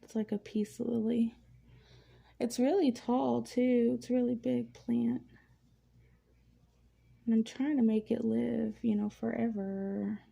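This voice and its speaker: Dark-voiced woman chatting with a creaky edge. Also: fairly high pitch, slow, pauses often. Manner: relaxed, rambling storytelling with many fillers. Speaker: vlogger painting while chatting. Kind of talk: casual chat. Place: at home, indoors.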